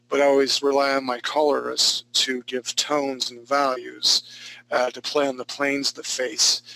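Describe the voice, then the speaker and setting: Gravelly, bright-voiced male art teacher. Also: medium pitch, poor audio. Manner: casual, encouraging, joking, with frequent restarts. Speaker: art instructor. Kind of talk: live online class critique.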